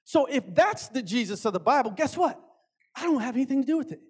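Very high-voiced and talking fast with a breathy edge, a man delivers an animated, conversational sermon. He draws out important words for emphasis and frequently breaks off to address the audience directly.

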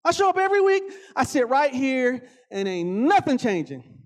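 A man voicing a laid-back male demon who talks casual street slang and gets excitable. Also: very high-pitched, moderate pace. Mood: smug.

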